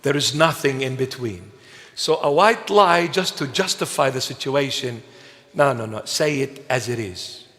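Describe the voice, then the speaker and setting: A man preaching a sermon as a bishop, emphatic and slow, with playful asides to the congregation. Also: medium pitch, fairly bright tone. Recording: long reverb of a large hall.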